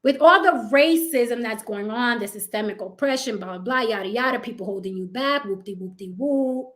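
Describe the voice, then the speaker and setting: Woman livestream host, high voice, blunt and profane, casual opinion chat. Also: brisk, a bit bright. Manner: blunt, profane, mocking impressions. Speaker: channel host.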